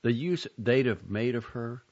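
A man reading short fiction and poetry aloud with an expressive, dramatic delivery, in a dull lo-fi recording. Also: mid-range voice, unhurried. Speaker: reader.

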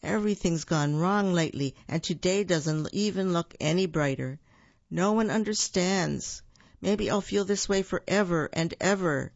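A mopey big bear from a storybook moans and sighs through his troubles, slow and gloomy, as a reader puts him on. The voice has a gravelly rasp. It comes through muffled and dry, with no room echo. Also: mid-range voice, lightly acted. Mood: sad. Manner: moaning, sighing, slow.

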